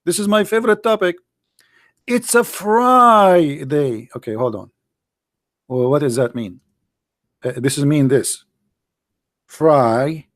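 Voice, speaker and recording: A man's voice: medium pitch, very animated, normal speed, pauses often, darkish tone. A man hosting a livestream in sarcastic, mocking commentary, firing rhetorical questions in non-native English. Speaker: livestream host taking calls. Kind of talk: mocking religious debate commentary.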